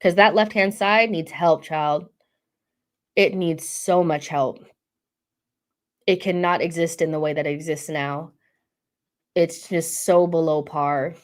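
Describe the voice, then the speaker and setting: Low-voiced woman chatting on a football stream. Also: steady tone, takes it slowly, long pauses. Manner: chatty, reads viewer comments and teases back. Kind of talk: casual live-stream chat.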